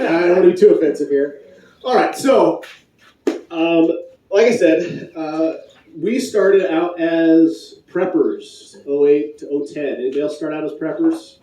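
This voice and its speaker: A man's voice: fairly high pitch, unhurried, dark tone, slight background noise. A man from Michigan giving a playful, pun-filled talk at a conference, chatting with the audience. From Michigan, USA. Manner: punning, playful, chatty with the crowd. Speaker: conference speaker. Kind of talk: joking live talk to an audience. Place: conference hall. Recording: echoey hall from far off.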